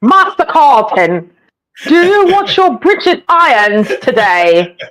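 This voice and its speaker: A woman's voice: high-pitched, very animated, takes it slowly, a bit bright, full character voice, rough recording. Woman putting on a stuffy old British butler. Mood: haughty. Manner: exaggerated posh British accent, drawn out.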